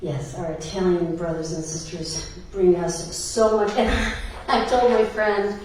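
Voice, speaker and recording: A woman's voice: fairly low pitch, steady tone, measured pace, darkish tone, slight background noise. A woman minister giving a sermon in a church, telling stories with laughs and filler words. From Ireland. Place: church sanctuary. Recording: echoey church hall from a distance.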